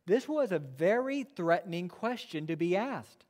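A man preaching from the pulpit, his fairly high voice carrying a long reverb through the sanctuary. He stresses key phrases slowly and rushes through asides. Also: lively intonation, darkish tone. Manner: emphatic, swings between quick asides and slow stressed phrases. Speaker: pastor. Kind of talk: sermon. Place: church sanctuary. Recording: long reverb of a church hall.

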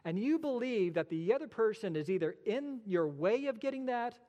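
A man's voice: high-pitched, big pitch swings, moderate pace, warm tone, big-room sound. A male pastor delivering a sermon, emphatic and full of rhetorical questions, with dry sarcastic asides.

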